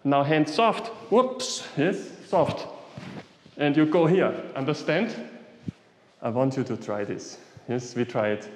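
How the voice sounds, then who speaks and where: A man's voice: mid-range voice, slow, a little hiss or hum. A man leading an exercise class in short commands and simple, non-native English, often checking in with "yeah?". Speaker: qigong instructor. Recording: echoey hall, voice from some distance.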